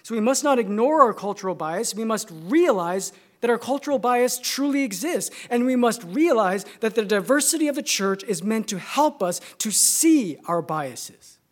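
A man's voice: sits high, expressive. Californian man preaching in emphatic repetition. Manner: measured and emphatic, building through repeated phrases. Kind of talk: sermon.

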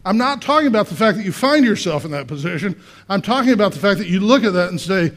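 A male pastor preaching a conversational sermon, asking the congregation questions and swinging between quiet and loud. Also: high voice, very animated, fast. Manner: acts out voices in quotes, swings from quiet to loud.

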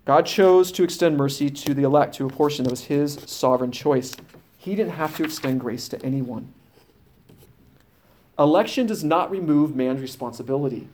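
A man's voice: on the high side, darkish tone. Man preaching a doctrinal sermon. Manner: reads scripture aloud with restarts and "uh" fillers. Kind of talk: sermon teaching.

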